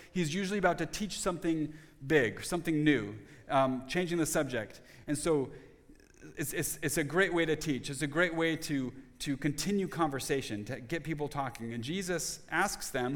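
A man's voice: on the high side, fairly bright tone, in a large hall. A man preaching a sermon as pastor, earnest and conversational, often restarting his phrases.

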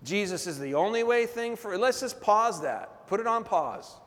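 A man putting on an evasive male churchgoer who smoothly stalls, soothing and drawn out. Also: sits high, animated, normal speed, a bit bright, voice pushed up. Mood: smooth stalling. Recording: long reverb of a big hall.

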